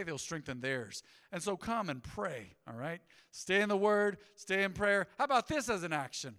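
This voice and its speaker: A man preaching a sermon as pastor, energetic and conversational, with casual asides. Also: high voice, smooth, long reverb tail. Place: church sanctuary.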